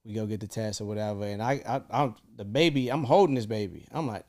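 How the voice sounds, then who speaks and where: A young man, co-hosting a podcast and telling a story in casual, swearing chat, acting out voices with big jumps in pitch. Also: quick pace, few pauses. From Chicago. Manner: animated, swearing, acts out quoted lines with big jumps in pitch. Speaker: podcast co-host.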